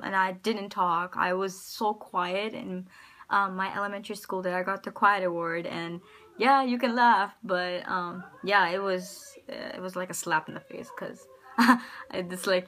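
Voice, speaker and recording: A woman with an American accent, telling personal stories to camera in a casual vlog, rambling and hesitant with many pauses and restarts. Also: medium pitch, sharp tone. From United States. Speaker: vlogger.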